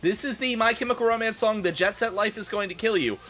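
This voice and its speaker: A man's voice: sits high, fast, bright, forceful tone. A man streaming a comedic dramatic reading, with sarcastic, swearing, laughing asides. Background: faint rock music.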